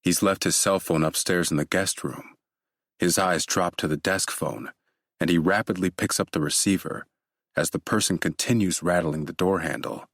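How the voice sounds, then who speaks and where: Deep-voiced male audiobook narrator. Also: moderate pace, fairly bright tone, no room sound, studio quality.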